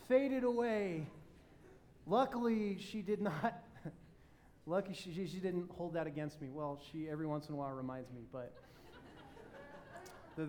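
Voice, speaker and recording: A man preaching a sermon, telling personal stories with animated swings between loud excitement and quiet emphasis. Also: high voice. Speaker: pastor.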